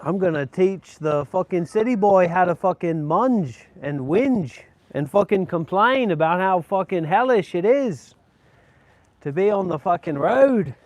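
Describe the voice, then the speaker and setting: A man's voice: sits high, lively intonation, measured pace, darkish tone, no room sound. A man joking crudely in a put-on Australian accent, mock-boastful and swearing through a travel vlog. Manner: crude, swearing, ironic bravado. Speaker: vlogger. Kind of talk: comedic travel vlog monologue.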